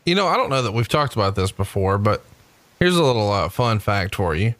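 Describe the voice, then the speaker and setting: A man from Alabama hosting a podcast, telling stories in an animated, chatty way. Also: lowish voice, a little fast, no room sound. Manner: storytelling, animated, laughing asides. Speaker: podcast host. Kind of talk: casual chat.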